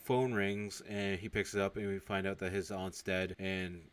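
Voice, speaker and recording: A man's voice: low voice, little pitch movement, normal speed, clean tone. A man hosting a podcast, recapping a movie in a loose, rambling way with frequent chuckles and fillers. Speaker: podcast host.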